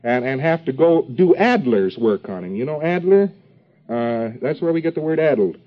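A man's voice: on the high side, animated, normal speed. A man giving an informal lecture to a class, rambling with joking asides and many fillers. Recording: dull lo-fi old tape recording.

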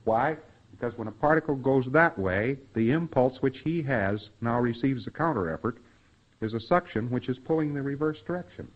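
A man's voice: mid-range voice, expressive, normal speed. A man giving a spoken lecture to trainees in a folksy way, acting out bits of quoted dialogue and sound effects. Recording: dull, muffled lo-fi recording.

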